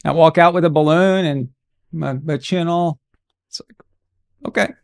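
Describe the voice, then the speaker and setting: A man's voice: on the high side, steady tone, measured pace, vocal fry, clear, resonant tone. A man hosting a live game watch-along, reacting casually and telling stories to his viewers. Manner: casual, encouraging, chatty. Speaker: watch-along stream host.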